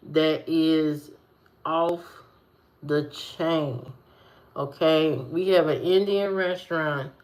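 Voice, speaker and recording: A woman's voice: deep voice, fairly bright tone. A woman vlogger in casual chat with her viewers, teasing them and repeating phrases for emphasis.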